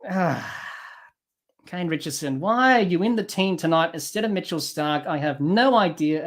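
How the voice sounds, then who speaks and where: Speaking at a normal pace with a slightly high, somewhat bright voice and lively intonation, a man runs a live cricket watch-along podcast. He calls the action and, clearly frustrated, berates the players and selectors head-on.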